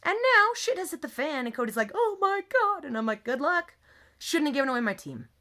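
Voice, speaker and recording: Young woman ranting into her phone, bright sharp voice, kinda high, swears a lot and rambles. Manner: heated, rambling, swears freely. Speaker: vlogger. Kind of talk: emotional venting monologue. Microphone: phone camera.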